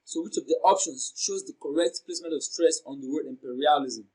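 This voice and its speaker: A man from Nigeria teaching an exam prep lesson, reading out options and slowly repeating words to show their sounds and stress. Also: fairly high pitch, darkish tone, husky, rough recording. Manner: slow, deliberate, repeats words for pronunciation drills.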